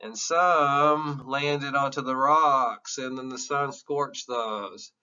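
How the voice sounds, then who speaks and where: A man's voice: mid-range voice, steady tone, takes it slowly, bright, forceful tone, clear, resonant tone, highs cut off. Earnest emotional male teacher, distant. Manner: emotional, earnest, candid with profanity. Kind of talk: classroom lecture.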